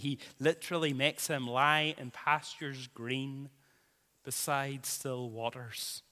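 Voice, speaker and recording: A man's voice: fairly high pitch, sharp tone. A man preaching a sermon in a church, dramatically swelling and dropping his volume and repeating phrases for emphasis. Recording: long hall reverb.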